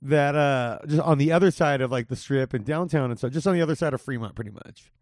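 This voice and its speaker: A man's voice: medium pitch, quick pace, a little mellow, no echo, studio quality. A young man hosting a podcast in casual chat, laid-back and profane, calling his guest dude. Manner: laid-back, swears a lot, says dude often. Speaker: podcast host. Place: home in Las Vegas.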